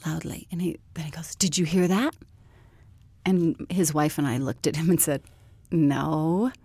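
A woman with a fairly low voice tells her story calmly and steadily, in an even, unhurried manner. The recording is dry and close, with no room sound. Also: breathy edge, no room sound. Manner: calm, measured storytelling. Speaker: guest. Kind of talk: personal testimony storytelling.

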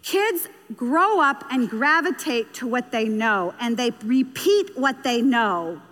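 Long hall reverb surrounds this woman as she gives a storytelling talk on parenting to an audience, earnestly recounting an anecdote and repeating key phrases for emphasis. Her voice sits on the high side, a bit bright, with lively intonation and a slow pace.

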